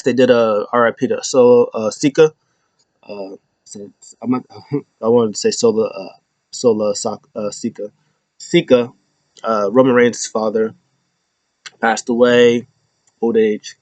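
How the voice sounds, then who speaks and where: A man casually recapping wrestling shows, rambling with lots of fillers and jumping into high, squealing impressions when he quotes people. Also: steady tone, unhurried, long pauses, darkish tone, dry recording. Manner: loose and rambling, many fillers, acts out quotes with sudden high-pitched squeals. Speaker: wrestling show host.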